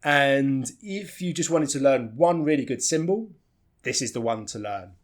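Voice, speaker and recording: A man giving a pronunciation lesson, modelling phrases slowly and repeating reduced sounds. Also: mid-range voice, lively intonation. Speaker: English teacher.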